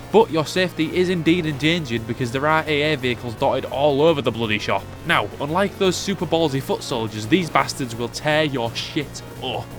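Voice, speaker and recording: Sarcastic, sweary male game reviewer. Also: medium pitch. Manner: sarcastic, sweary, mock-indignant. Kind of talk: comedic retro game review voice-over.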